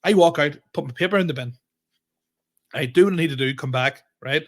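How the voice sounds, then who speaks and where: A young man with a Northern Irish accent, telling a story on a podcast in animated, sweary casual chat and acting out what people said. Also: a little high, brisk. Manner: animated, swearing, acts out quoted exchanges. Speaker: podcast host.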